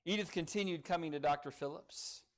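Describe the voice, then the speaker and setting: Earnest preacher telling a story. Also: male voice, on the high side. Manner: storytelling, earnest, dramatic pauses. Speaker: pastor. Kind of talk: sermon.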